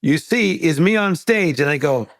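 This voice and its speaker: Man, gravelly, dry close sound, animated storyteller, middle-aged, podcast guest. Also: on the high side, moderate pace, dry recording. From United States. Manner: animated storyteller acting out quoted voices. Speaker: guest, life coach.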